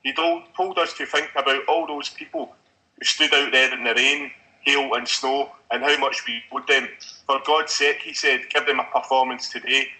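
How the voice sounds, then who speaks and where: Bright-voiced man telling stories. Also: mid-range voice, fairly even intonation, moderate pace, rough recording. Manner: storytelling, quotes at length. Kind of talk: casual chat.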